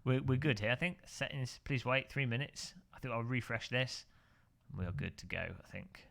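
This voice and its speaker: A man's voice: mid-range voice, normal speed, gravelly, fairly bright tone. A man from England, chatting casually on a sim racing live stream, rambling and joking as he corrects himself.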